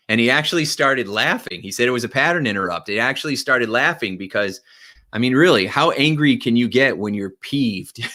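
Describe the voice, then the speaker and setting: A male motivational speaker with a bright, forceful voice addresses his viewers. His delivery is energetic and emphatic, and he keeps checking in with quick tag questions. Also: medium pitch. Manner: energetic, emphatic, frequent "right?" and "okay?" check-ins.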